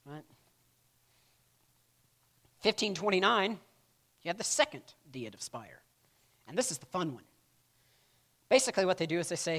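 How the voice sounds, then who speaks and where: A man's voice: on the high side, expressive, normal speed, long pauses, a bit bright. A man teaching a church history class in a casual lecture style, often checking in with "right?" and acting out quotes. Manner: casual, peppers lines with "right?"; acts out quotes in playful voices.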